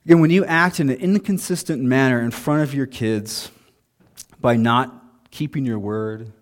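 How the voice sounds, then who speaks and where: A man in his thirties delivers a sermon from the pulpit. His pitch sits in the middle of the usual range, and his tone stays conversational. He drops in self-deprecating asides as he goes. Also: normal speed. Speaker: pastor.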